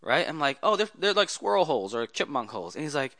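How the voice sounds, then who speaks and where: Chatty man with a bright tone. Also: medium pitch, big pitch swings, quick pace, vocal fry, dry recording, clean studio sound. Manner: chatty, rambling storyteller. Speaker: guest, automotive photographer. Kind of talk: casual interview conversation.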